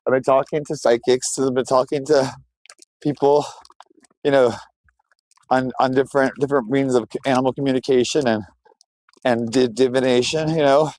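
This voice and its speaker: A man's voice: medium pitch, steady tone, moderate pace, pauses often, darkish tone, poor audio. A man live-streaming from his phone while walking outdoors, chatting loosely with his viewers in a rambling, scattered way. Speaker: livestreamer. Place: outdoors, walking through a neighborhood.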